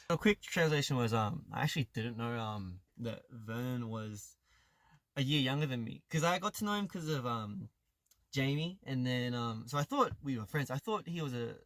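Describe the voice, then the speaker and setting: A man's voice: mid-range voice, normal speed, dry recording. A man speaking casually in an interview clip, rambling with plenty of ums. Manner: relaxed, rambling with many ums.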